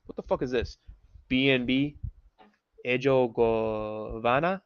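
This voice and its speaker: Taking it slowly, a young man with a clear, resonant medium-pitched voice hosts a livestream on a dull lo-fi home mic, the recording itself dry. He rants heatedly with heavy swearing, rambling restarts and occasional Spanish phrases.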